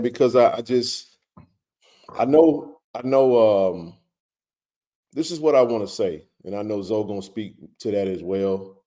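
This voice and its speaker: A man hosting a casual live stream, greeting viewers by name with a relaxed, filler-heavy way of talking. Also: lowish voice, unhurried.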